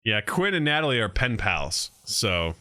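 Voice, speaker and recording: A man's voice: fairly low pitch, big pitch swings, measured pace, bright, forceful tone, no echo, studio quality. A man from Illinois co-hosting a podcast in casual chat, laughing often and plugging the show playfully. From Illinois, USA. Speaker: podcast co-host.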